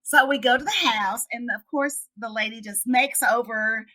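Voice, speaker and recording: A woman's voice: fairly high pitch, normal speed, pushed and bright. A woman author chatting in an interview, telling a story animatedly and acting out the voices in her quotes. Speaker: children's book author. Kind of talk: casual interview chat.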